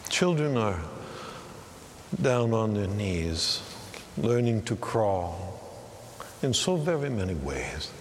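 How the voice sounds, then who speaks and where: A man preaching a sermon, telling a story in a slow, reflective way. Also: fairly low pitch, sing-song, long reverb tail, slight background noise.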